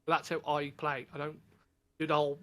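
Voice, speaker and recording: A man, a guest chatting casually and telling stories with lively energy. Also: fairly high pitch, brisk. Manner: animated storytelling, acts out quoted voices. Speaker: podcast guest, content creator. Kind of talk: casual chat.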